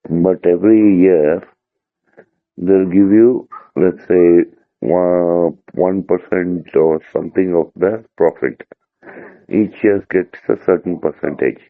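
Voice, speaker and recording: A man's voice: low voice, slow pace, dry recording. A man, a tutor patiently explaining a term to a student and checking that he follows. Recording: dry, tinny phone-like line.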